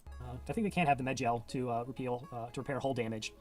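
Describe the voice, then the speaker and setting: A man giving casual commentary on his own game run, thinking aloud, reading game text and counting out loud. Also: medium pitch, flat delivery, fast talker, soft background music. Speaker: gamer playing and narrating his old run.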